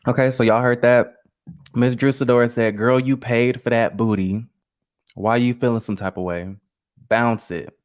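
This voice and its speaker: A man's voice: mid-range voice, fairly even intonation, normal speed. Sassy man hosting a live gossip stream. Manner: chatty and sassy, talks straight to the chat. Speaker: host of a live gossip show. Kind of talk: casual live-stream commentary.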